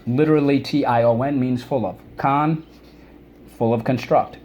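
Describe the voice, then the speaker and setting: A man's voice: medium pitch, fairly even intonation, dull audio. A man teaching a recorded vocabulary lesson for children, drawing out syllables and coaxing students to repeat words. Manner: drawn-out syllables, coaxing repetition.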